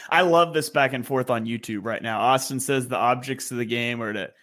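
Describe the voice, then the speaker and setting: A man's voice: mid-range voice, fairly quick, fairly bright tone. Guy hosting a sports podcast panel, laughs a lot, keeps it moving. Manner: laughs often, steers the talk. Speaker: podcast host. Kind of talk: casual panel chat.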